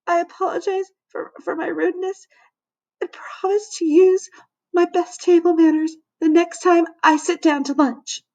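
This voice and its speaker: A woman's voice: very high-pitched, steady tone, moderate pace, darkish tone, distant mic, voice pushed up. A woman voicing an embarrassed young schoolgirl in a storybook, stammering in a small, quavering voice. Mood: tearful.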